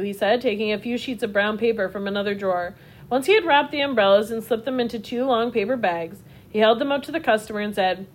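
A woman narrating a children's storybook in a steady, expressive reading voice. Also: on the high side.

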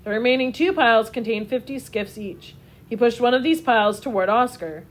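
A woman narrating a children's storybook in a steady, expressive reading voice. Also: on the high side, brisk.

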